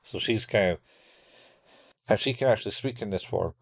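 A man's voice: on the low side, normal speed, vocal fry, slightly rough, no echo. A man co-hosting a podcast, casually recapping an anime and acting out lines in raised voices. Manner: rambling, acts out quotes in raised voices. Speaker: podcast co-host.

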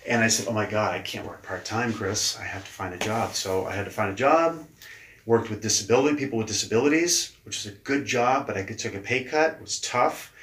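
A man, a leadership coach, telling his story casually in an interview. He talks lively, acts out quoted dialogue and swears casually. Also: fairly low pitch, brisk, slight background noise. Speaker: leadership coach, podcast guest. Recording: echoey room.

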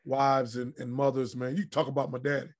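A man's voice: mid-range voice, a little fast. A middle-aged man, a retired athlete and podcast guest, telling profane, blunt stories in a casual interview. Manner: profane, blunt, animated anecdotes. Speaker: retired pro basketball player, guest.

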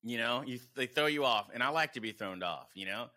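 A middle-aged American man chatting on a podcast, telling profane, animated stories. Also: medium pitch, brisk. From United States. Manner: profane storytelling, quotes himself animatedly. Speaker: podcast guest. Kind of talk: casual podcast chat.

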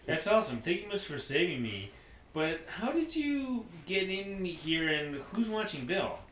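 A man performing his part in a comedy script reading with a playful, jokey, excitable manner. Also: high-pitched, measured pace. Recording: echoey room, faint noise.

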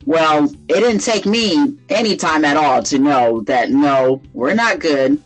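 A woman co-hosting a faith podcast, telling a personal story in casual chat and acting out the dialogue with lively laughter. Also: low-pitched, takes it slowly, faint music behind, low-quality recording. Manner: animated storyteller who acts out quoted dialogue and laughs often. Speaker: podcast co-host.

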